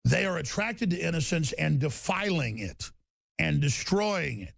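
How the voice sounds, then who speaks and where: A male radio host delivering an impassioned rant, intense and repetitive, breaking into shouting. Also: a little high, lively intonation, measured pace, gravelly, no room sound, clean studio sound.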